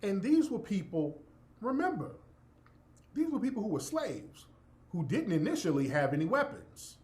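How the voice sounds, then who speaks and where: Animated man delivering a fiery monologue. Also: sits high, normal speed. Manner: emphatic, profane, preacher-like. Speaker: commentator. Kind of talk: impassioned monologue.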